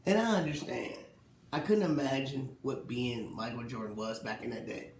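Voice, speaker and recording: Animated man ranting about sports, echoey room. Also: mid-range voice, normal speed. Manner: animated, rhetorical questions, mocking quotes. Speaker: sports talk host. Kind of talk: casual solo sports commentary.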